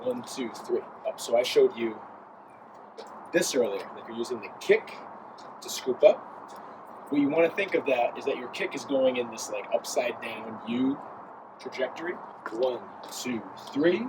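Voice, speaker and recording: A man's voice: medium pitch, normal speed, long pauses, background noise. Man counting dance steps aloud. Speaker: dance instructor. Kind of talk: dance tutorial while demonstrating.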